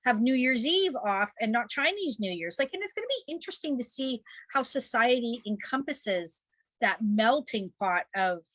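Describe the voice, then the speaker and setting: A woman co-host chats on a podcast in a slightly high voice, recorded dry. She thinks aloud, peppering her talk with "like" as she asks questions. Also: expressive, normal speed, fairly bright tone, no room sound. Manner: chatty, musing aloud with many likes. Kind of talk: casual podcast chat.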